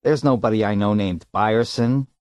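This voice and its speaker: A man's voice: lowish voice, moderate pace, darkish tone, no room sound, lightly acted. A man doing an irritable, harried businessman. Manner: pressing, irritable. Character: harried middle-aged businessman, impatient.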